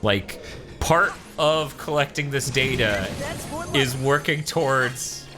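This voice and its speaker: A man doing casual live-stream commentary over a game, ranting with profanity and quick laughs. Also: medium pitch. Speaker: streamer playing and reviewing a game. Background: game music.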